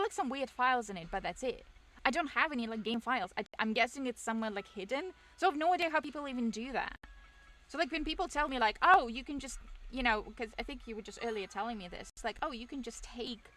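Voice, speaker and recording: A woman's voice: sits high, sharp tone. A young woman streamer chatting casually with her viewers, rambling, self-deprecating and laughing often.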